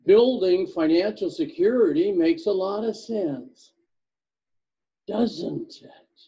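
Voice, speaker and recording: A man's voice: high voice, expressive, slow, gravelly, warm tone, highs cut off. A man teaching a sales seminar, playful as he drills his audience with questions. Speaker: sales trainer.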